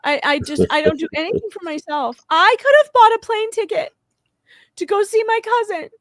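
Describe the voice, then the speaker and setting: A woman's voice: very high-pitched, fairly quick, a bit bright, dry recording, voice pushed up. A woman doing a mocking impression of a whiny, self-pitying woman who insists she is selfless, pleading and close to crying.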